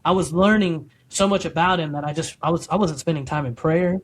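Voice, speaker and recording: Speaking briskly in a somewhat high voice, a middle-aged podcast guest recounts his testimony casually, wandering off track and starting over many times. He brings the story to life by acting out the things he said. Slight background noise is audible.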